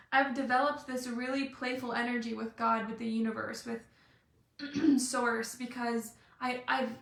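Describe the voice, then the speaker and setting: A young woman giving a motivational live talk, bubbly and playful, and she acts out little scenes as she goes. Her voice sits high with touches of vocal fry. The room gives it a noticeable echo. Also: fairly bright tone. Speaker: life and business coach.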